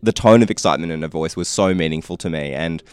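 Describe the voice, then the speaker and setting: A man's voice: deep voice, fast, clean tone, no echo. A man co-hosting a podcast, telling reflective, hesitant stories about campaigning. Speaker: podcast co-host. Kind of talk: casual political chat.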